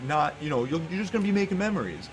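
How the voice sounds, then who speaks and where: A man's voice: on the high side, very animated, rapid-fire, pitched above the performer's own voice, rough recording. A man doing a pushy, upbeat buddy. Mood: coaxing. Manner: coaxing, upbeat.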